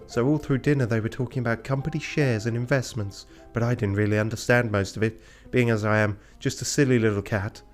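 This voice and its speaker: A man's voice: mid-range voice, steady tone, brisk, hardly any pauses, faint music behind, lightly acted. A man voicing a naive young female cat heiress with a prim, sing-song manner, his voice raised a little. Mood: sweet.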